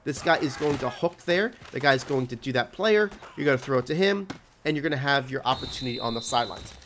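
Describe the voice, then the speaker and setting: A man's voice: mid-range voice, expressive, quick pace, a bit bright, slight background noise. A man walking viewers through football video game plays, teaching in a casual way and often checking in with "right?". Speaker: video game tips channel host. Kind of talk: explaining plays over gameplay footage.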